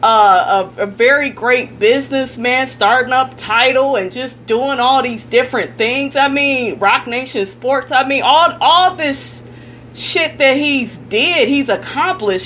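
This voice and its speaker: Bright-voiced woman ranting blunt gossip. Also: high voice, unhurried, a little hiss or hum. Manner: blunt, profane and indignant, addressing viewers directly. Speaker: celebrity gossip vlogger. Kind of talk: ranting commentary vlog.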